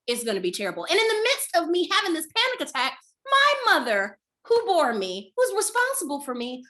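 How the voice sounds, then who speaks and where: Woman comic telling a story on a video call, high bright voice, swings all over the place. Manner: animated, dramatic comic delivery. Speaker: comedian. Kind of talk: storytelling performance.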